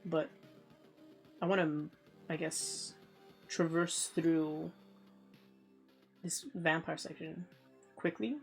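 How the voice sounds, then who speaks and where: Woman streamer, lowish gravelly voice, casual rambling game commentary. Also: fairly even intonation, slow, long pauses, faint music behind. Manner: thinks aloud, rambling and offhand. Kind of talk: casual let's play commentary.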